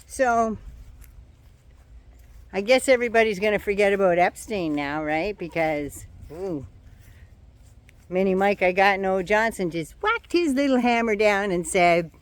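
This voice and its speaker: A woman's voice: mid-range voice, expressive, unhurried, long pauses, dry recording. An older woman vlogging outdoors in her yard, talking to a phone or camera held at arm's length in a sarcastic, mocking casual rant.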